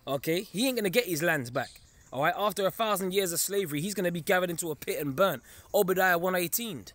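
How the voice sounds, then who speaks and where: A man preaching an informal sermon in an emphatic, conversational way, often pausing to check in with his listeners. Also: high voice, fairly bright tone. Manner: emphatic, keeps checking in with listeners, chuckles darkly.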